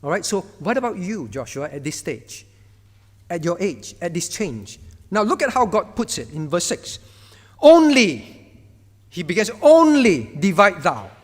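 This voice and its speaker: A male pastor delivers a sermon in a noticeably high voice. He is emphatic, repeating single words for stress and switching to a firm, commanding tone when he voices divine speech. Long reverb from the church hall trails each phrase. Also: sing-song, normal speed, fairly bright tone. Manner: acts out God's words in a firm voice.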